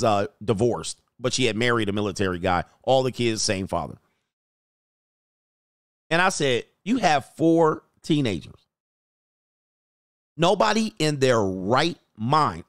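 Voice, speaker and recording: A man hosting a dating commentary show, telling a story bluntly and jumping up in pitch when he quotes himself. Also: fairly bright tone, no echo, studio quality. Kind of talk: casual commentary reacting to clips.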